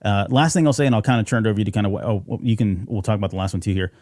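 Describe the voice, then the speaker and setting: Male podcast co-host, casual and rambling, low mellow tone, dry close mic. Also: racing, dry recording. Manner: rambling, many fillers and restarts. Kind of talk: casual fan podcast chat.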